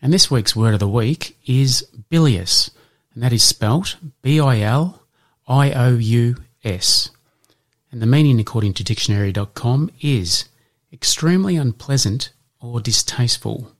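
A man hosting an educational podcast, reading out answers in a measured way and slipping in dad jokes. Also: mid-range voice, expressive. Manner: measured, spells things out, slips in dad jokes. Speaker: podcast host.

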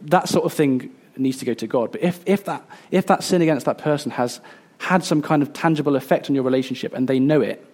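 A man in his thirties preaching a sermon, earnest and a little halting, with fillers and restarts. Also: fairly high pitch, darkish tone. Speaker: pastor.

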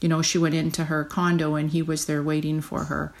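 A woman with a gravelly, fry-laden voice gives a podcast update, stumbling through restarts and fillers. She sounds close to tears, her voice a little low for a woman. Her talk is unscripted and earnest. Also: little pitch movement. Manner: halting, with many fillers and restarts. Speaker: podcast host.

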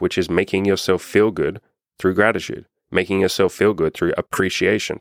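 A man's voice: deep voice, no room sound, clean studio sound. A young man giving an earnest, emphatic self-improvement talk, swearing casually as he goes. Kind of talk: casual motivational monologue.

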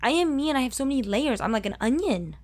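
A woman in her thirties from Brooklyn with a Brooklyn accent, a talkative and loud food host telling her own story in a personal monologue. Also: sits high, lively intonation, no room sound. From Brooklyn, New York. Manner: talkative and loud, fast and emphatic. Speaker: food video host and cook.

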